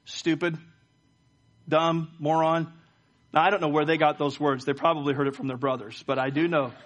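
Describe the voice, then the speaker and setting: A man's voice: a little high, flat delivery, moderate pace, fairly bright tone. A middle-aged man, preaching a sermon in church and leading a prayer, often repeating words as he speaks. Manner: storytelling with frequent stammered word repeats. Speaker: pastor. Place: church service.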